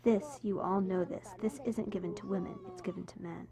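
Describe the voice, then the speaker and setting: A woman giving a first-person voice-over translation of a life story, telling it in an animated way and voicing the people she quotes. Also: mid-range voice, fairly quick, a crowd in the background.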